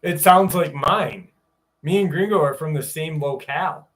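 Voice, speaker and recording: A man's voice: fairly high pitch, moderate pace, a bit bright. A man hosting a live stream, chatting casually with his audience in a loose, joking way that is full of swearing, then reading a story aloud. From upstate New York. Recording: voice a bit distant from the mic.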